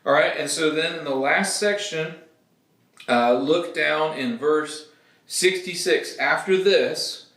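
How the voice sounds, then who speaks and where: A pastor leads a relaxed Bible study with a bright, forceful voice pitched a little high. He explains passages plainly and keeps asking "okay?" to bring listeners along. The sound is roomy and echoey. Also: slow. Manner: casual, explanatory, checks in with "okay?". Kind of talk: conversational Bible teaching. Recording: echoey room.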